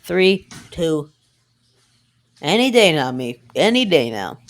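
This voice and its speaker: A woman's voice: deep voice, very animated, slow pace. A woman casually narrating a home cooking video, joking to herself and filling gaps with "anyway". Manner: rambling, jokey, keeps saying "anyway"; talks to self and the viewer.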